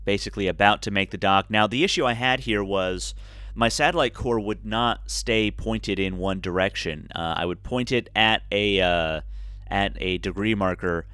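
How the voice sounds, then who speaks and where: A man's voice: lowish voice, normal speed, bright, forceful tone, clean tone, no room sound. A tired man casually talking through a space game, rambling with lots of fillers and restarts. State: tired, yawning. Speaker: gameplay commentator. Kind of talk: casual let's-play commentary.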